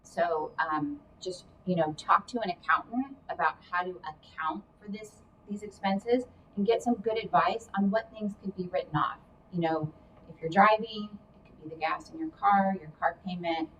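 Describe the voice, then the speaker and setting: A woman's voice: on the low side, moderate pace. A woman giving casual career and money advice in a chatty, explanatory way, adding hedging asides. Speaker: career coach guest. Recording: distant mic with faint background noise.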